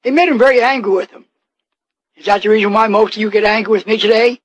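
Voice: mid-range voice, fast, dull audio. A preacher delivering a fiery, confrontational sermon, firing rhetorical questions at the listeners and drawing out key words for weight. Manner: drawls out key words, acts out scripture quotes.

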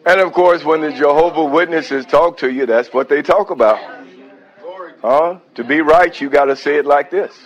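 A man's voice: fairly high pitch, normal speed, lo-fi sound. A man preaching a sermon, breaking off into praise and hallelujahs between points.

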